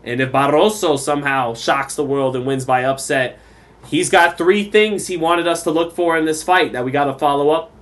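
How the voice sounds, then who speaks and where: A man's voice: on the high side, moderate pace. Chatty man calling a boxing fight. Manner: relaxed, chatty, reads viewer comments aloud. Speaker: boxing commentator. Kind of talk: live round-by-round commentary and chat reading.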